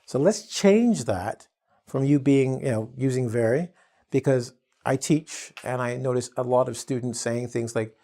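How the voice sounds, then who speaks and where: A man teaching an English vocabulary lesson in an animated, playful, jokey way. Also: medium pitch, measured pace. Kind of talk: energetic vocabulary lesson to camera.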